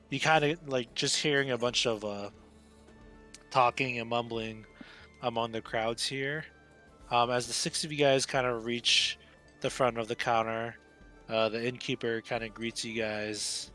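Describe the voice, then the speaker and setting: A man's voice: medium pitch, a little slow, a bit bright, faint music behind. A man running a tabletop game as game master, narrating loosely with many fillers.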